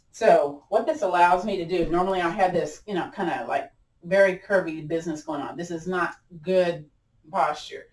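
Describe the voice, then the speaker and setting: A woman teaching a gentle yoga class, chatty and encouraging, often laughing at herself. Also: fairly low pitch, reverberant, far from the mic, rough recording. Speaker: yoga instructor.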